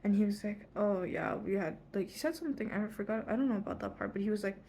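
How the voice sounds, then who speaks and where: A teenage girl in a casual vlog, telling a long story in a rambling way, full of "like" and quick self-corrections. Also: mid-range voice, mellow, a little hiss or hum. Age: teens. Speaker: vlogger. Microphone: front phone camera.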